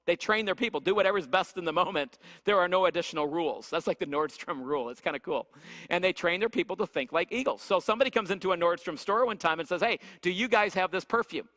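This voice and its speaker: A man with a high, sharp, bright voice gives a lively church teaching session. He keeps checking in with the room and asks "right?" again and again. His voice rings with a long echo through the hall. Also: fast talker. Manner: energetic, repeats "right?" to check in with listeners.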